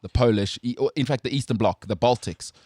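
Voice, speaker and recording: A man's voice: mid-range voice, brisk, darkish tone, no echo. A man with a South African accent hosting a sports talk show, opinionated and joking, rambling with restarts in studio banter. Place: radio studio.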